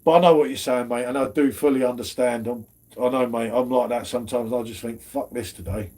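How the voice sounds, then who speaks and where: A man's voice: mid-range voice, fairly even intonation, fast, darkish tone. A man hosting a casual beer chat stream, slangy and chatty. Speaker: host of a beer review stream.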